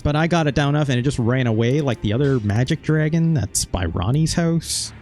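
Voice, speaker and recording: A man's voice: medium pitch, animated, fairly quick, a little mellow, faint music behind. Casual male gaming host, rambling recap, loose and profane, mid-range voice. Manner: rambling, swears casually, recaps with quoted asides. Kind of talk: casual let's-play commentary.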